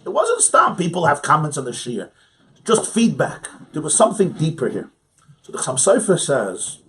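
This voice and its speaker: Male rabbi, mid pitch, teaching a class in a study hall; conversational, poses rhetorical questions, laughs lightly. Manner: conversational, asks rhetorical questions, chuckles often. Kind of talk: informal study-hall lecture.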